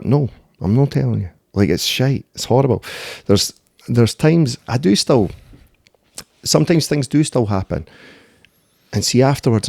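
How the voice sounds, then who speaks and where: A man's voice: medium pitch, expressive, moderate pace, gravelly, a little mellow, no room sound, clean studio sound. Blunt, sweary Scottish man. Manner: blunt, sweary storytelling with frequent "eh" and "mate". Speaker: podcast guest, MMA fighter and doorman. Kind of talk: casual conversational interview.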